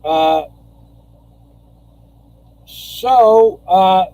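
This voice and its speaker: A man's voice: high voice, very slow, dark tone, low-quality recording. An older man from New York rambling through a casual live stream, repeating phrases and chuckling as he goes.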